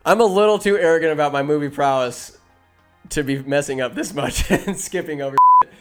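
A man with a slightly high voice casually recaps a movie scene by scene, talking fast and animated and doing quick impressions of the characters. Faint music plays behind him.

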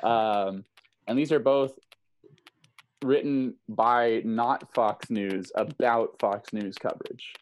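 A man co-hosts a casual podcast from a video call and runs a little headline-guessing game. His voice sits at an ordinary middle pitch, and his tone is easygoing. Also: slow pace, slight background noise, low-quality recording. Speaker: podcast co-host.

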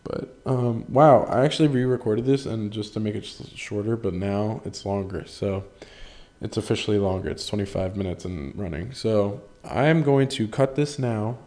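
A young man tells stories on his solo podcast in a loose, rambling way, cursing now and then and poking fun at himself. His voice sits a little on the low side. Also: normal speed, darkish tone. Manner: rambling, self-deprecating, swears casually. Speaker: podcast host.

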